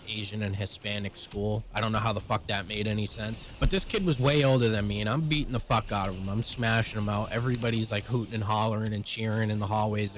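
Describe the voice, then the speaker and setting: A young man with a low voice recounting a story bluntly and profanely, in quick run-on phrases. A faint hum of room ambience sits underneath. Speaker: vlogger. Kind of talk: casual personal storytelling.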